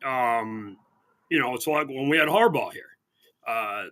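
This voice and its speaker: A man's voice: medium pitch, lively intonation, measured pace, fairly bright tone. A man co-hosting a sports radio show, chatting casually and sarcastically, with lots of restarts. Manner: rambling, sarcastic, many restarts. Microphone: remote call-in line.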